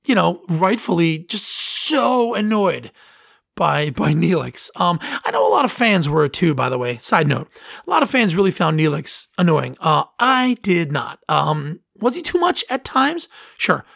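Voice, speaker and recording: Rambling man with a gravelly voice. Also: fairly high pitch, big pitch swings, unhurried, fairly bright tone, dry recording, clean studio sound. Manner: rambling, enthusiastic, many fillers and restarts. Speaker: podcast host. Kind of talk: casual chat.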